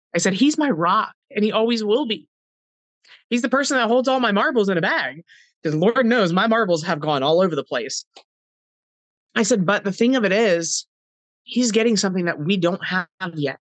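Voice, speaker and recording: A woman's voice: fairly low pitch, no room sound, low-quality recording. A middle-aged woman, a podcast guest, telling a personal story with heartfelt earnestness, acting out past conversations in quoted dialogue.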